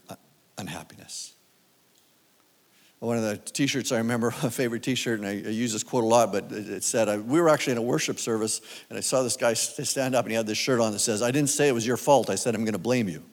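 A man's voice: medium pitch, long reverb tail. A man preaching a sermon as guest speaker, talking conversationally and asking his listeners questions. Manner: conversational, asks the audience questions.

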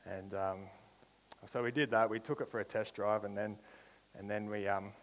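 A young man delivers a sermon testimony in a fairly low voice. He tells his story plainly, then stretches out his phrases for emphatic statements of faith. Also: fairly even intonation, long reverb tail, rough recording. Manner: storytelling with slow emphatic build-ups. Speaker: preacher.

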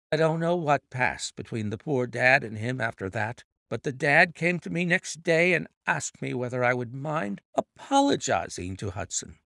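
A man playing an agitated young man, earnest, lively pitch, gravelly, close and dry. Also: dry recording, heavily acted. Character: distressed young man telling his tale.

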